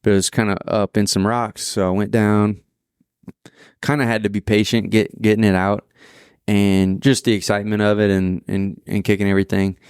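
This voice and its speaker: A man hosting a podcast, telling his own story in an easygoing, halting way with plenty of fillers. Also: on the low side, flat delivery, a little mellow, clean tone, dry recording, clean studio sound. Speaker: podcast host. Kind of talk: casual podcast conversation.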